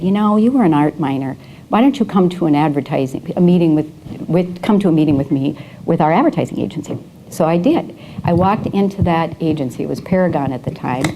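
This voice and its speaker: A woman's voice: low voice, dark tone, a little hiss or hum, low-quality recording. A middle-aged woman giving a leadership talk at a breakfast event, telling her career story with fillers and restarts and laughing at her own anecdotes. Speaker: guest speaker. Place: event room.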